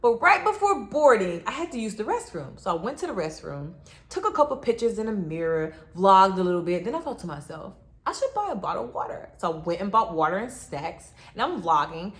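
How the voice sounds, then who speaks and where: Lively young woman vlogger. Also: medium pitch, fairly quick. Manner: animated, dramatic storytelling, addresses viewers directly. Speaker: travel vlogger. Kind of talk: storytelling vlog.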